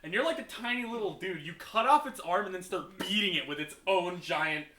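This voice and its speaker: Bright-voiced joking young man. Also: high voice, fairly quick, recorded from a distance. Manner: joking, laughs often. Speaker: podcast co-host. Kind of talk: casual chat. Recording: echoey room.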